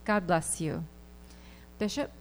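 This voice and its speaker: A woman's voice: fairly low pitch, slow pace, faint music behind, poor audio. A woman in a church service giving an earnest, conversational testimony about a trip abroad. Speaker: church member giving a report.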